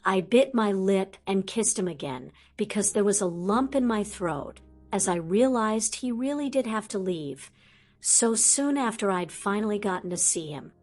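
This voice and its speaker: A woman narrating a first-person audiobook in a soft, measured way. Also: medium pitch, animated.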